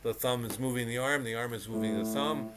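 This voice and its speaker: A man's voice: mid-range voice, a little fast. A man teaching piano on a video call, coaching a student emphatically and repeating short cues as he demonstrates. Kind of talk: one-on-one instruction. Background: piano playing.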